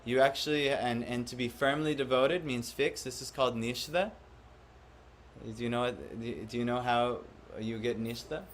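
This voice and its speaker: A spiritual teacher leads a devotional class before a live audience, frequently questioning listeners and acting out the voices he quotes. His mid-range voice is steady and moderately paced, with slight background noise.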